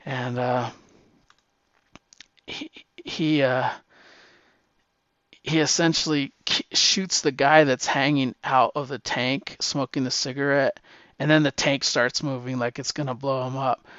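Man, rambling storyteller, animated and profane, dry lo-fi recording. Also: mid-range voice, unhurried, pauses often, dry recording. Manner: rambling, with many fillers and restarts. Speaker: guest answering a question. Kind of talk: casual storytelling. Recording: dull, slightly lo-fi dry sound.

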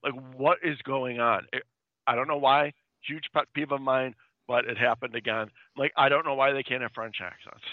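A man's voice: medium pitch, steady tone, moderate pace, no echo, narrow, tinny audio. A man co-hosting a podcast, chatting casually and asking curious questions. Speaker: podcast co-host. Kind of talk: casual chat.

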